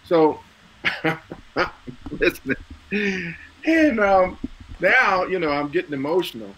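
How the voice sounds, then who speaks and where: A man's voice: high-pitched, big pitch swings, slow pace, bright, forceful tone, slight background noise, poor audio. A middle-aged man, a guest, telling stories in casual chat, getting emotional and laughing, with many restarts and repeated words.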